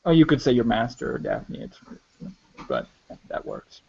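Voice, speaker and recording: A man's voice: mid-range voice, huge pitch swings, moderate pace, gravelly, a little mellow, breathy edge. A man narrating as game master of a tabletop game, talking hesitantly with many restarts. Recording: dull lo-fi audio.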